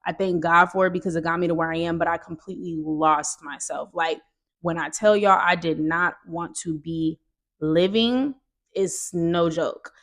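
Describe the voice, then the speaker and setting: A young woman vlogger talks straight to her viewers, sharing a personal testimony in a casual, animated storytelling style. Her voice sits lowish and her pace is moderate.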